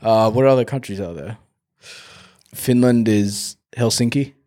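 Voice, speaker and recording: A man's voice: on the low side, a little slow. A young man co-hosting a podcast in casual chat, laughing a lot and running a quiz countdown. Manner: laughing, animated, reads bad jokes and runs a quiz countdown. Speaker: podcast co-host.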